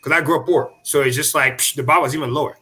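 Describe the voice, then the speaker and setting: A man in casual chat on a stream, telling his story in an excitable, profane way. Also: fairly high pitch, fast talker, husky.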